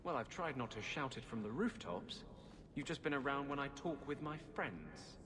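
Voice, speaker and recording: An actor playing a defiant rebel mage in a video game, answering with wry calm. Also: male voice, mid-range voice, moderate pace, crowd noise, close to an everyday voice.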